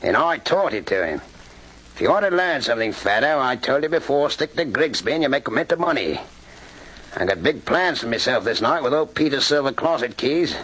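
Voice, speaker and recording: An actor playing a boastful, scheming thief in an old-time radio drama, swaggering and chuckling. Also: male voice, mid-range voice, lively intonation, brisk, fairly bright tone, slightly rough, poor audio. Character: boastful scheming male thief, cockney-style crook.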